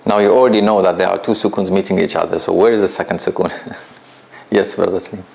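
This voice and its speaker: A man's voice: low-pitched, fairly even intonation, fast talker, creaky, darkish tone. A man teaching a tajweed class in an office, patient and laughing often as he asks the students questions. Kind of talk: classroom lesson.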